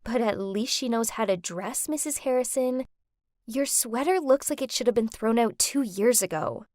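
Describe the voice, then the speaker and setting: Woman doing a snarky rebel teen girl, animated story, dry close sound. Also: on the high side, unhurried, no echo.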